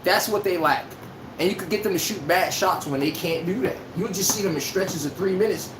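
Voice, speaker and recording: Male livestream sports host, loud and profane, speech, echoey room, faint background noise. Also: high-pitched, fairly quick. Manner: animated, profane, trash-talking. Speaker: podcast host. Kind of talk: casual sports commentary livestream.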